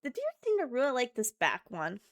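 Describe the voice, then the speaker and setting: A woman's voice: a little high, wildly swooping pitch, brisk, dry recording. A woman streamer chatting casually and thinking aloud while playing a game. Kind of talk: casual live-stream chat while gaming.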